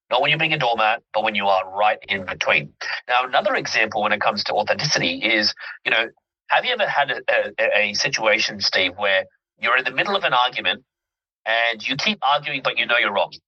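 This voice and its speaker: Male coach guest, very bright husky tone, earnest and emphatic, dull lo-fi recording. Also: medium pitch, lively intonation, brisk. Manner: earnest, emphatic, checks in with listener. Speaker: mindset coach. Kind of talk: interview guest explaining with examples. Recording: dull lo-fi audio.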